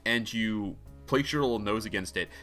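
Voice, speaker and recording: A man's voice: on the low side, normal speed, loud music behind the voice. A man narrating a tabletop game as game master, talking casually with lots of filler words.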